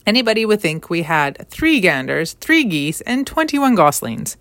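A woman voicing a wise, composed female barn spider in a storybook reading, speaking crisply and with command. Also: fairly low pitch, sing-song, normal speed, fairly bright tone, no room sound. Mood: brisk, matter-of-fact. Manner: crisp and commanding, precise wording.

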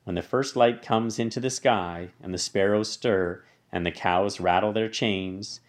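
A man voicing a wise, gentle female spider who speaks calmly and soothingly. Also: lowish voice, a little slow, lightly acted. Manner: calm and soothing.

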